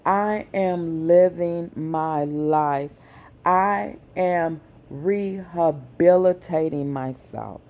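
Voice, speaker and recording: A woman vlogger, speaking slowly and with feeling in a personal message to her viewers. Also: lowish voice, darkish tone. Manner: slow, deliberate, emotional.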